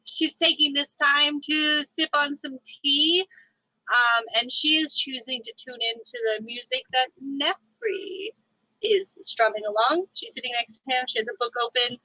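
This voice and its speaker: A woman calmly describing her character at a tabletop game. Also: sits high, a little slow, no echo, rough recording. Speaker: player.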